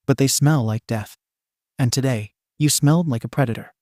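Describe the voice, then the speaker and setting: Man reading as a brooding bird-headed teen boy, low and soft, deadly tone, dry close sound. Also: normal speed, no echo, close to an everyday voice. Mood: ominous.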